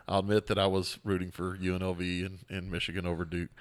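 Host, man, lowish voice, easygoing joking ramble. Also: level tone, quick pace. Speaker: podcast host. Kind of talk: casual chat.

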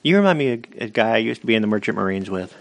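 A man's voice: on the low side, very animated, very fast, creaky. Joking male podcast co-host. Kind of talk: casual podcast banter.

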